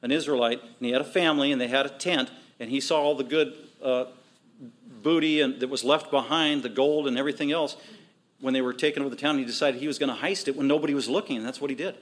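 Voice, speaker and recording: A male pastor preaching a sermon, emphatic and repetitive, with quick asides. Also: mid-range voice, steady tone.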